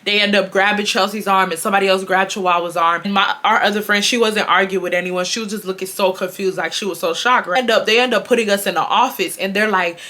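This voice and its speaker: A young woman telling a school story to her viewers. Her voice is bright and clear, and she talks in an animated, casual way full of fillers. She speaks at a middling pitch. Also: quick pace, few pauses. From Houston, Texas. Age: 20s. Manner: animated, filler-heavy retelling addressing viewers. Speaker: storytime vlogger.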